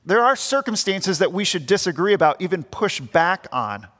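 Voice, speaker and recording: A man's voice: high-pitched, big pitch swings, moderate pace, bright, forceful tone. A young man preaching an earnest sermon as pastor, acting out the grumbling voices he quotes. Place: church. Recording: long church reverb.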